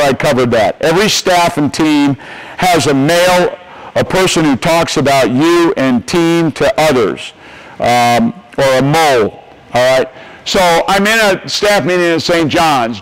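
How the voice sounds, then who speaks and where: At a coaches clinic, an older American man gives a motivational talk in a coaching style, his voice slightly high. Emphatic and folksy, he drives his main points home through repetition, captured on a low-quality recording.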